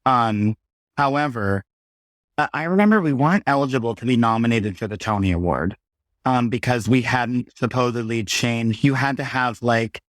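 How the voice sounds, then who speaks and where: Man, thirties, podcast guest, animated storyteller, acts out quotes, mid-pitched voice, dry close mic. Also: moderate pace, dry recording. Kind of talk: casual conversation.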